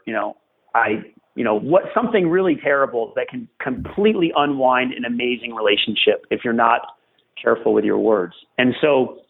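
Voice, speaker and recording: Earnest man coaching over a tinny line. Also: mid-range voice. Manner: earnest, emphatic, repeats phrases for stress. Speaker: tennis coach and guest. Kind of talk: podcast interview, advice. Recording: tinny phone-like remote line.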